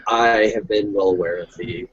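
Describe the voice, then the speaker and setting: A man role-playing his character in a tabletop game, easygoing and deadpan. His voice is low and husky, heard on a dull lo-fi recording. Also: moderate pace. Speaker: player.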